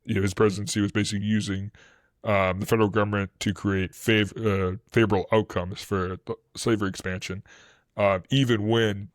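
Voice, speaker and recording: A man's voice: on the low side, fairly quick, no room sound, studio quality. A man with a Boston accent, co-hosting a history podcast and explaining events casually, with many fillers and restarts. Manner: rambling with many fillers and restarts, animated when quoting.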